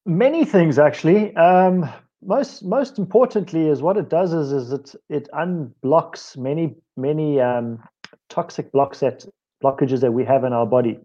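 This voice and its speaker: At a measured pace, a South African man with a fairly high voice and dark tone rambles through a story as a guest speaker on stretching, often correcting himself and laughing. The home office recording has a lo-fi sound.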